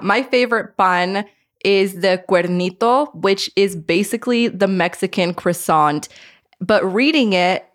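A woman from Idaho chatting as a guest on a podcast, enthusiastic and reflective, often saying "I feel like". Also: mid-range voice. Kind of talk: casual podcast chat.

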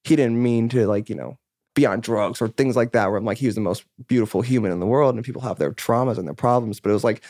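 A man's voice: mid-range voice, fast, darkish tone, no room sound, clean studio sound. Candid, rambling man, in his thirties. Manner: candid and rambling, heavy on "like", swears freely. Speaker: musician guest. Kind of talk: casual podcast interview chat.

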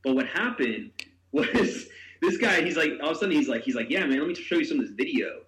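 A man's voice: on the high side, animated, fairly quick, a bit bright, reverberant, rough recording. A man hosting a podcast, telling a story in casual chat. He acts out the quotes with big jumps in his voice, swears and laughs. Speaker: podcast host.

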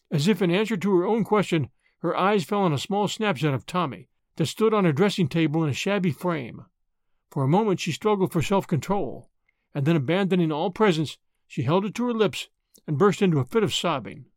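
Brief: lively storybook narrator, medium pitch, dry close-miked sound. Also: a little fast, no echo. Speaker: audiobook narrator. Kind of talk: scripted narration.

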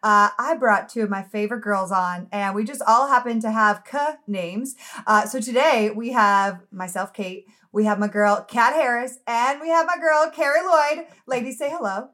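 A woman's voice: a little high, normal speed, hardly any pauses, fairly bright tone. A woman hosting a podcast in casual chat, bubbly and laughing often. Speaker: podcast host.

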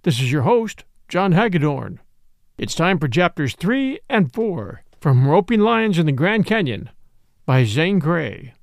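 Male host-narrator for a classic western audiobook: gravelly, dry close sound, expressive delivery. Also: a little high, dry recording. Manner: lively, expressive storytelling. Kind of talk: reading a classic western novel aloud.

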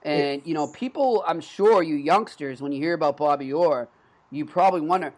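A man's voice: a little high, normal speed. A man in his thirties with a Boston accent, hosting a sports podcast and telling stories in an earnest, conversational way. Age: 30s. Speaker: podcast host.

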